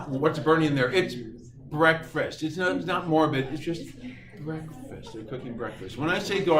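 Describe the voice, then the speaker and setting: Middle-aged man, joking classroom teacher, heard from across the room. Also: fairly high pitch. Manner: lively, playful, jokes with students. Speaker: calculus teacher. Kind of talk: classroom lecture. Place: high school classroom. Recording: echoey classroom from far off, noisy.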